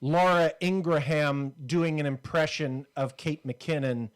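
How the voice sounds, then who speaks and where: A man's voice: a little high, fairly even intonation, a little slow, clean tone. A man co-hosting a comedy podcast, rambling and joking in casual banter. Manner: rambling, joking, with frequent fillers. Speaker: podcast co-host.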